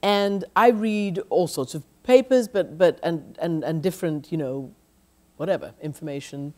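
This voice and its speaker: Emphatic woman journalist, lowish voice. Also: normal speed, mellow. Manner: emphatic, many restarts and "you know". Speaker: journalist, lecture guest. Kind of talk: onstage conversation.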